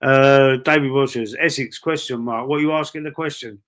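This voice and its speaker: A man's voice: medium pitch, fairly even intonation, brisk, a bit bright. Chatty Cockney man hosting a live stream. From East London, England. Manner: chatty, swears freely, calls viewers bro and mate. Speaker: livestream host reading chat. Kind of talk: casual live-stream chat.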